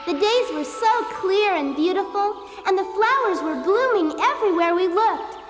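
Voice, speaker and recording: A very high, childlike voice of a sweet, earnest little girl in a dubbed cartoon. Clear music plays beneath her lines. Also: expressive, normal speed. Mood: storytelling. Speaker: narrator and youngest sister. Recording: music playing underneath.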